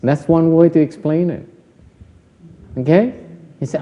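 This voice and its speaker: Buddhist teacher, man, mellow and slightly high, playful and repetitive, dull hall recording. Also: measured pace. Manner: teasing, repetitive, engages the audience. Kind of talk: Dharma lecture with audience questions. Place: temple lecture hall. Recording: dull audio with hall reverb.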